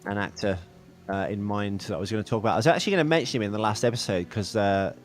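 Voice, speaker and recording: A podcast co-host with a lowish voice chats rapid-fire about films, with faint music behind him. He rambles casually and corrects himself with jokes.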